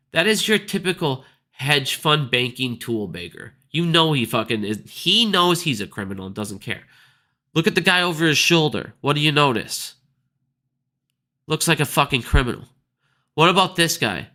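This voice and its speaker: Bright-voiced man ranting profanely. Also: a little high. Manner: profane, blunt, scornful. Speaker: stock market video host. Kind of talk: casual ranting commentary.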